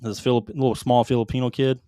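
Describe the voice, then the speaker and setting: Profane ex-Marine telling war stories. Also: male voice, medium pitch, little pitch movement, fast, warm tone, clean tone, no echo, studio quality. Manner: profane, rambling anecdotes. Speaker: podcast co-host, former Marine. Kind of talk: casual chat, storytelling.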